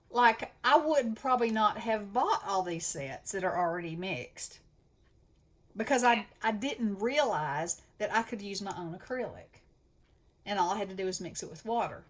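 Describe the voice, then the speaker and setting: A woman with a Southern US accent chatting enthusiastically as host of a craft channel. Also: mid-range voice. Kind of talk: casual chat.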